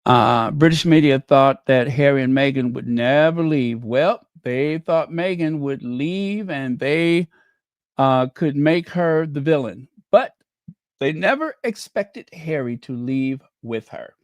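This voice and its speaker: A livestream host with a medium-pitched, expressive voice speaks slowly in a dry setting with no room sound. He reads out viewer comments and adds emphatic commentary, repeating key phrases.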